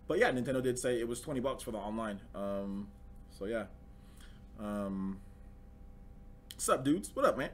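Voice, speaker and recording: A young man hosting a live gaming news stream, chatting casually, slangy and excitable, often repeating himself. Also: medium pitch, slight background noise. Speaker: livestream host.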